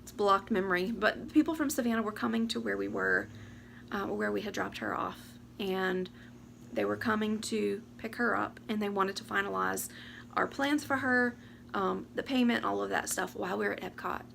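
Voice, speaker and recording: A woman, talking to camera about her year. She rambles, talks fast and fights back tears. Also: medium pitch, gravelly, a bit bright, slight background noise. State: teary, close to crying. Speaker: vlogger. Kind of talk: casual chat to camera. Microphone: camera or phone mic.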